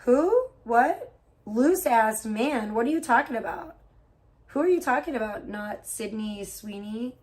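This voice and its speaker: Brief: woman streamer, slightly high voice, cussing and gossiping in a loose chatty rant. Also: measured pace. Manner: profane, gossipy, venting about other streamers. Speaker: livestreamer. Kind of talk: casual livestream rant.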